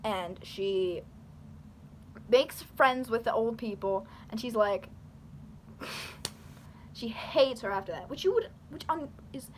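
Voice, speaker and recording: A woman's voice: on the high side, a little slow, a little hiss or hum. Chatty young woman rambling on camera. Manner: rambling, animated, filler-heavy; talks with her hands. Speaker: YouTuber. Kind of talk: casual talking-head commentary.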